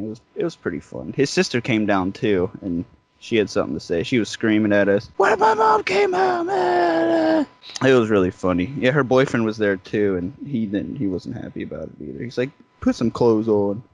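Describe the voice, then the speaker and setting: Man, podcast co-host, crude rambling anecdote, animated pitch. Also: a little fast. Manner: rambling, vulgar, acts out quoted voices. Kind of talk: casual crude storytelling.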